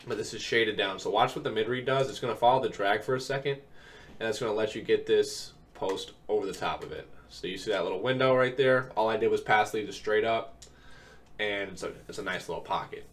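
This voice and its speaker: Recorded from a distance with faint keyboard noise, this young man gives casual gameplay commentary while recovering from an illness. His voice is on the low side and brisk, and he explains each play step by step, laid-back and full of ums.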